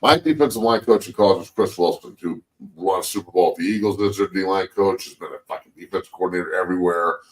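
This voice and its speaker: A deep-voiced man in his forties swaps football stories in casual sports-show banter, cursing freely and acting out what coaches said. His voice sits a little back from the microphone. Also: fast talker, distant mic, poor audio. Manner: profane, animated storyteller acting out quotes. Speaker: show host, former NFL lineman turned coach.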